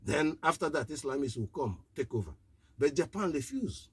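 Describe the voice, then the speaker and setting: Husky man preaching on radio. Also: a little high, sing-song, normal speed, dry recording. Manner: preaching, short repeated declarations. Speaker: activist radio broadcaster. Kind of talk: impassioned live political address.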